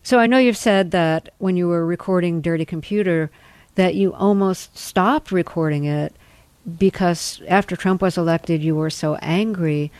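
A woman host asking her guest direct, measured questions in an interview. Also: lowish voice, darkish tone, no echo.

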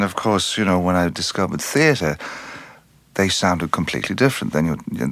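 An Irish-born actor being interviewed, speaking thoughtfully and unhurriedly, often restarting and trailing off mid-phrase. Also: male voice, low voice, a bit bright, dry recording. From Ireland. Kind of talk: reflective interview conversation.

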